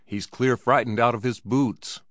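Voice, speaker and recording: A man voicing a calm, well-traveled man from the East who speaks in a measured, reflective way. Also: mid-range voice, no room sound, studio quality, natural voice.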